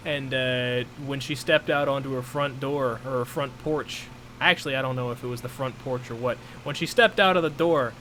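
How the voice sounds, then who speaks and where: A man's voice: medium pitch, moderate pace, hardly any pauses, a little hiss or hum. A young man hosting a casual stream chat, rambling along with many fillers. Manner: relaxed, rambling, full of fillers. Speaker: streamer host.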